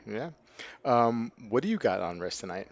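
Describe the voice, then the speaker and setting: A man hosting a casual live stream, upbeat and quick to laugh as he greets viewers one after another. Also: fairly low pitch, sing-song, a little hiss or hum. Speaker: livestream host. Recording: dull lo-fi stream audio.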